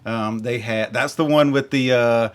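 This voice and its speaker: A man's voice: mid-range voice, steady tone, measured pace. Rambling, enthusiastic man podcaster. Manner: rambling, enthusiastic, self-correcting. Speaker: podcast host. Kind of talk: casual chat.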